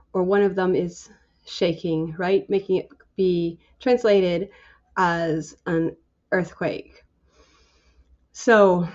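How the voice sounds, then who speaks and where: A woman leading a Bible study, slowly working through scripture word by word in a halting, musing, tentative way. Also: mid-range voice, a little mellow, lo-fi sound.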